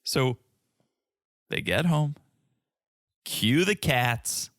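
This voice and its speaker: A man's voice: medium pitch, unhurried, no echo, studio quality. A man co-hosting a podcast, retelling reality-TV scenes in a casual, playful way. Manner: animated, playful storytelling. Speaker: podcast co-host. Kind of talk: casual reality-TV recap chat.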